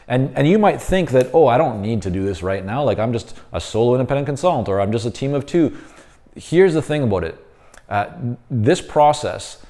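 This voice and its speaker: A man with a dark, mellow voice walks consultants through a planning exercise. He talks loosely and casually, with plenty of "uh" and "you know" and frequent restarts. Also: mid-range voice. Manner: conversational, many fillers and restarts; explains while drawing on a board. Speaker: business consultant teaching. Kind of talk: instructional talk to camera.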